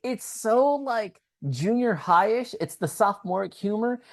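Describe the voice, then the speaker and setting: A woman co-hosting a casual podcast, chatting about a TV show in loose slang with plenty of swearing. Her voice bounces widely in pitch, and she breaks into laughter between thoughts. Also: animated, unhurried. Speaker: podcast co-host. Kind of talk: casual chat recapping a TV show.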